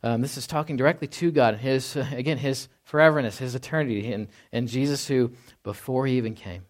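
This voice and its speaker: A man's voice: medium pitch, brisk. A man preaching a conversational sermon, often tagging his points with "right?" and asking rhetorical questions. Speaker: pastor.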